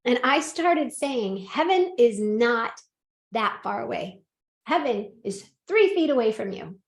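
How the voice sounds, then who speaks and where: A woman hosting a podcast, telling a personal story in casual chat, animated and laughing often as she acts out what people said. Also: fairly high pitch, unhurried, echoey room. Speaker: podcast host and medium.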